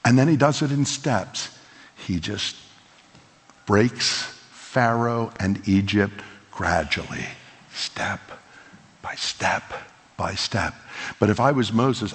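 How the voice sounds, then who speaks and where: A man preaching a sermon as pastor, animated and conversational, leaning into quoted lines. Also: on the low side, takes it slowly, long pauses, breathy edge. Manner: animated, acts out voices of biblical figures in quotes. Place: church sanctuary. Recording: long hall reverb.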